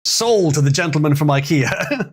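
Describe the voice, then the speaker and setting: A man streaming live in an easygoing, chatty way, reading long technical words and tripping over a few. His pitch moves around freely, and his tone stays loose and conversational. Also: animated, moderate pace, breathy edge. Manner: stumbling over hard words, chatty with the audience. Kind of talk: casual live-stream chat and reading aloud.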